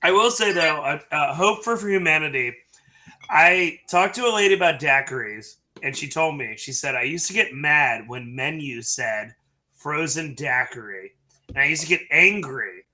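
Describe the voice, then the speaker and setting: A man's voice: fairly high pitch, animated, moderate pace, pushed and bright. A man co-hosting a live stream, telling bar stories in casual chat and laughing as he goes. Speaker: bartender and co-host. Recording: live stream call audio.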